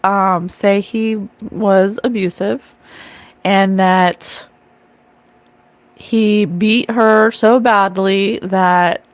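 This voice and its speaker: A woman's voice: mid-range voice, fairly even intonation, very slow, no echo. A middle-aged woman doing a live psychic card reading, talking earnestly and emotionally to her viewers. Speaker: psychic medium streamer. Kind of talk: live-stream card reading, casual talk.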